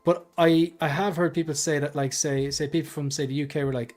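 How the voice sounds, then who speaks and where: A man hosting a casual panel livestream, joking and tossing quick asides to the chat. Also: on the high side, fairly even intonation, darkish tone, soft background music. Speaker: livestream host.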